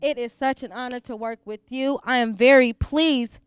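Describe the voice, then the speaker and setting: A playful, outspoken woman hosts a talk show in a high, clear voice. She gushes with praise and jokes freely, recorded close and dry. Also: steady tone, normal speed, no echo. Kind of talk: casual talk show hosting. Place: school venue.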